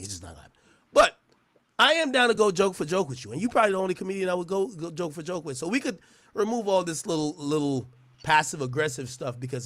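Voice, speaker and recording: A man's voice: fairly high pitch, fairly bright tone, no echo. A man delivering a profane, mocking roast rant, often stammering and restarting his words. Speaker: internet personality. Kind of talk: trash-talking roast rant.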